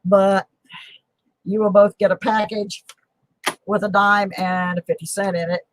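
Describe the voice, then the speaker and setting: A woman's voice: medium pitch, level tone, measured pace, slight background noise, poor audio. A middle-aged woman hosting a casual coin collecting live stream, chatting in a rambling, self-deprecating, humorous way from her home. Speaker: host of a coin collecting show. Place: home on a mountain.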